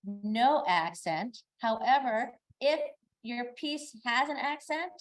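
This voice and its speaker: A woman's voice: on the high side, animated, slow pace. A woman on a workshop panel giving short, direct answers on auditions. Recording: voice from far off.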